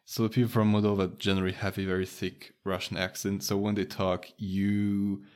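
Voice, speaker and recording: A man's voice: fairly low pitch, flat delivery, a little fast, a little mellow, clean tone. A man with a light Romanian accent, a native Romanian speaker, chatting casually with a friend, laughing often and restarting his sentences. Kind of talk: casual chat.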